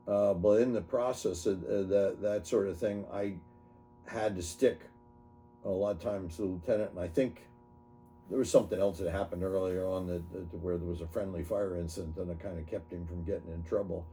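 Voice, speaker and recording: A man in his seventies, an army veteran, recounting his memories in an oral history interview, halting and correcting himself as he goes. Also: low voice, fairly even intonation, dark tone, soft background music. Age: 70s. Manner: halting, self-correcting storytelling.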